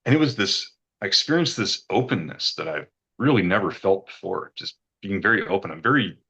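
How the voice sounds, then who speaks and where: A man's voice: low voice, lively intonation, fairly quick, bright, forceful tone, husky, dull audio. A middle-aged man earnestly recounting a personal experience, rambling and repeating words when he gets emotional. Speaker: retreat guest giving a testimonial.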